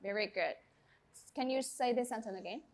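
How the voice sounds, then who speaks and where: A woman teaching an English class, speaking in a clear, encouraging and instructive way. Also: fairly high pitch, normal speed, a little hiss or hum.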